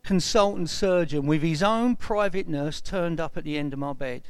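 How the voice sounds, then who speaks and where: A man's voice: a little high, moderate pace, clear, resonant tone, no room sound. A man in his sixties tells a personal testimony and acts out the dialogue as he recounts it. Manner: retells events with lively quoted dialogue.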